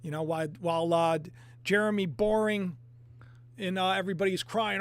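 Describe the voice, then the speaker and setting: High-voiced man rambling to viewers. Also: fairly quick, no echo. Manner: rambling, animated, talks to viewers with frequent fillers. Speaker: online video host. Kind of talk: casual religious commentary.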